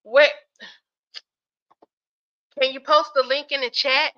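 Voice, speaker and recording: A woman hosting a casual livestream, reading viewer comments aloud, chatty and quick to laugh while sleepy and yawning. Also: high-pitched, level tone, dull audio. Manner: chatty, laughs often, talks straight to viewers. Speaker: livestream host.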